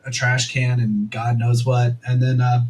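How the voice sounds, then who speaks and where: A man's voice: mid-range voice, flat delivery, a little slow, darkish tone, low-quality recording. A young man co-hosting a podcast, telling a story in a rambling, casual way full of "like" and quoted asides. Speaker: podcast co-host.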